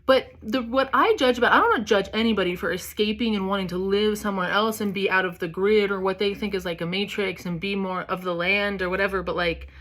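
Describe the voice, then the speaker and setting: A woman's voice: mid-range voice, fast talker, hardly any pauses, a bit bright. A woman giving a casual spiritual reading, chatty and candid, swearing freely and filling her talk with "like" and "you know". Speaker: tarot reader.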